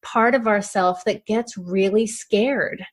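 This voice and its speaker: A woman speaking as a podcast guest, calmly and earnestly explaining ideas. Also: mid-range voice, slow. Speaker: guest author. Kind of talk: casual interview chat.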